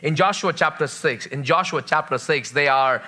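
Bright-voiced, emphatic preaching man. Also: on the high side, moderate pace. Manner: emphatic preaching with repeated phrases; asks the congregation for responses. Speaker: pastor. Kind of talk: sermon.

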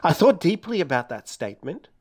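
A man's voice: on the high side, very animated, brisk. A man from India, an author, talking in an interview and then reading steadily from his own memoir.

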